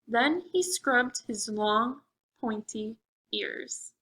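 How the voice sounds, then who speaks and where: A woman librarian leads a preschool storytime, reading aloud in an animated way and asking the children questions. Her voice is bright and she takes her time. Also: fairly high pitch, slow, poor audio.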